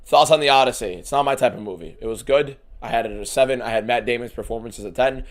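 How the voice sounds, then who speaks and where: A man streaming a fight watchalong, giving casual, profane live commentary that swings from shouting to muttering. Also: mid-range voice, fast talker.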